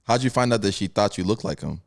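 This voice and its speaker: Lively low-voiced podcast co-host man. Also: fast, creaky, no echo, studio quality. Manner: laughing, teasing interviewer. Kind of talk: casual chat.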